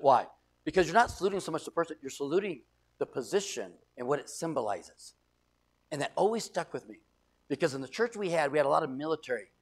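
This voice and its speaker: A man's voice: on the high side, lively intonation, fast, husky. A middle-aged man from the United States preaching a sermon as pastor, emphatic, repeating phrases and acting out quoted voices.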